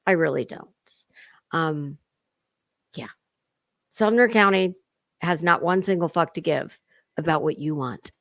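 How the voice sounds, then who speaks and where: A woman's voice: low voice, measured pace, long pauses, fairly bright tone, no room sound. A woman hosting a reaction livestream, mocking a clip with sarcastic, profane jabs and greeting her chat. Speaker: commentary livestream host.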